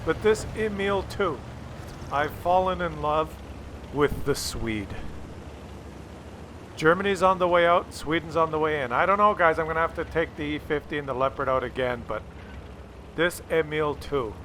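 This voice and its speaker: A man hosting his own gaming video, talking through gameplay in a rambling, jokey and excitable way. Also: a little high, moderate pace, pauses often, a little hiss or hum. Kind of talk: casual gameplay commentary.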